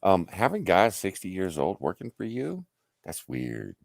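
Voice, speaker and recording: Speaking low and a little slow with vocal fry, a middle-aged man on a livestream tells casual work stories, swearing freely and acting out what people said with animation. The studio sound is clean, with no room sound.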